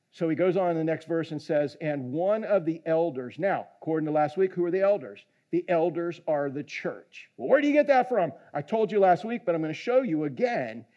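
A man preaching a sermon, animated, swinging from hushed lines to shouting and joking with the congregation. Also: high-pitched, lo-fi sound. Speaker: pastor.

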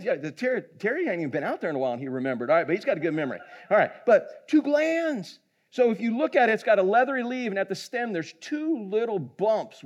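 A man preaching a sermon as pastor, telling folksy, humorous stories. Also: high-pitched. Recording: dull lo-fi recording.

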